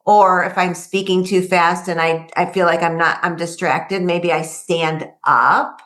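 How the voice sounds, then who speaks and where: A middle-aged woman talking as an interview guest, her voice set slightly low. She is chatty and lively in conversation, slipping into quoted inner monologue as she explains. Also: measured pace. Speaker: guest, workplace wellbeing author.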